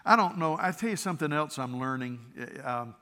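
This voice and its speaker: A bright, forceful male pastor preaching in an earnest, conversational way, with a slightly higher voice than most men. He often stammers and restarts his phrases. His voice rings out with a long hall reverb. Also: lively intonation, brisk. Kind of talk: sermon.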